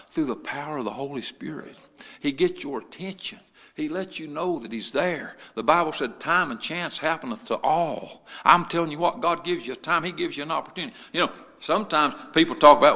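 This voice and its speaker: A male pastor preaching a sermon, moving between quiet storytelling and loud, fervent preaching. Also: a little high, moderate pace, vocal fry, long reverb tail.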